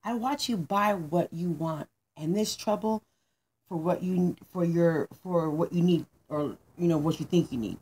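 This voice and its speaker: A woman voicing a blunt, angry male money manager who scolds and lectures with raised, pitched-up intensity. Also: measured pace, a little mellow, husky. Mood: lecturing.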